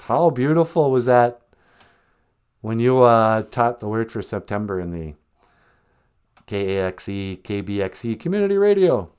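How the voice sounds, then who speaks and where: Man, podcast host, jokey storyteller, lively swinging voice, outdoors porch. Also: fairly low pitch, unhurried, long pauses, smooth. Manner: joking storyteller, laughs often. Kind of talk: casual live-stream chat.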